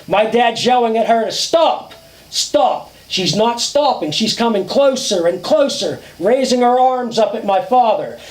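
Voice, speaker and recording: High-voiced man telling a ghost story. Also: lively intonation, reverberant, low-quality recording. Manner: casual, drawn-out and dramatic, with swearing. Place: outdoors around a campfire.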